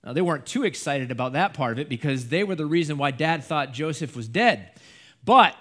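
A man preaching a sermon, retelling a scripture story in a lively storytelling way. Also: on the high side, fairly quick. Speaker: pastor.

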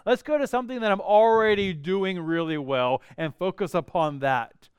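A man preaching a sermon, lively and playful, acting out reactions as he speaks. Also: high-pitched, normal speed, smooth, no room sound. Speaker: pastor.

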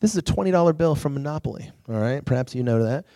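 A man's voice: a little high, fast talker, no room sound, clean studio sound. A man preaching to a youth group, telling stories animatedly and acting out quotes. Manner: animated storytelling with acted-out quotes. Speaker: youth pastor.

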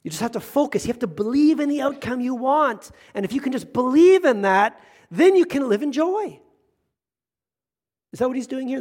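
Middle-aged pastor guy, high voice, chatty animated sermon, does little voices for people. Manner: conversational, animated preaching with quoted voices.

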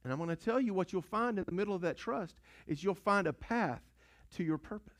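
Pastor guy preaching, kinda high voice, tells stories, repeats himself, lots of rhetorical questions. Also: expressive, fairly quick. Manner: storytelling, repetitive, rhetorical questions and call-and-response. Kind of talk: sermon.

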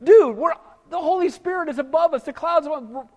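A man preaching a sermon as pastor, animated, asking rhetorical questions and acting out whiny voices. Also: very high-pitched, a little fast, in a large hall.

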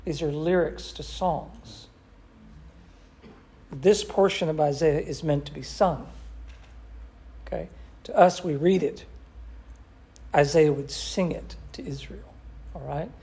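A man leads a Bible study in a gravelly, husky voice. He quotes scripture with animation and keeps turning to his class with questions. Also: a little high, takes it slowly, long pauses, mellow. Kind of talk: interactive Bible study teaching.

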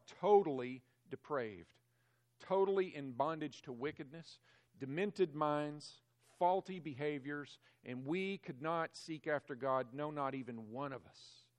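A man preaching a sermon as pastor, emphatic, swelling louder on key phrases and dropping low and quiet on others. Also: a little slow.

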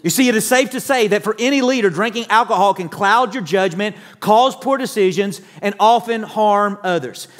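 A man's voice: high voice, normal speed, hardly any pauses, big-room sound. A man preaching a sermon as pastor, conversational, often checking in with his listeners and sometimes restarting words. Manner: conversational preaching, frequent "all right?" check-ins, some stammered restarts.

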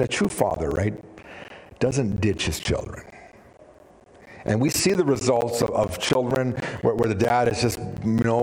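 A man preaching a sermon as pastor, animated and storytelling, with sudden drops to a hushed voice. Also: mid-range voice. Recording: reverberant hall.

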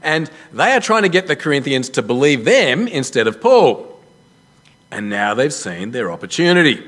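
Animated man preaching a sermon. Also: medium pitch, moderate pace. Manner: animated storytelling with self-deprecating jokes. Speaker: pastor.

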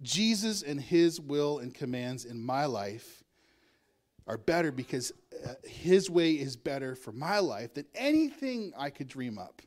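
A man's voice: medium pitch, sing-song, measured pace, a little mellow. A male pastor preaching a sermon in a conversational way, with asides and chuckles.

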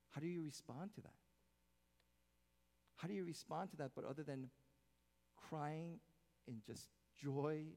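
A man preaching a sermon as pastor, swinging from hushed, soft passages to loud, emphatic exclamations. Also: medium pitch. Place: church sanctuary. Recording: long hall reverb.

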